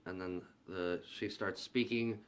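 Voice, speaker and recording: A man's voice: sits low, steady tone, measured pace. A man casually recapping a horror film's plot, loose and profane, acting out the characters' lines as he goes. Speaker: movie reviewer.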